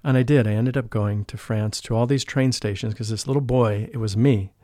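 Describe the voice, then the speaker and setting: A man talking as a guest in an interview, telling a personal spiritual story in an earnest, emotional way. He often drops into a hushed voice when he quotes people. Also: mid-range voice, steady tone, brisk, dry recording, studio quality. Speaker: podcast guest, spiritual life coach.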